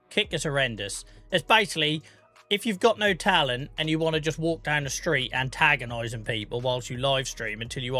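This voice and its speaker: A man in his forties, live streaming a farming game and chatting casually with his chat, joking, laughing often and greeting viewers by name on a boom-arm mic. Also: bright, forceful tone. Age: 40s. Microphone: boom-arm microphone.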